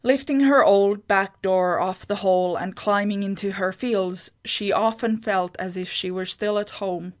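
A woman narrating a fantasy short story in a measured, scripted reading. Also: mid-range voice.

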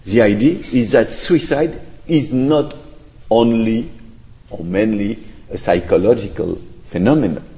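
Male academic, low mellow voice, hesitant and hedging, echoey lecture hall. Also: measured pace. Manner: thoughtful, hesitant, with restarts and hedging. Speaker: speaker answering audience questions. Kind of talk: academic Q&A answer.

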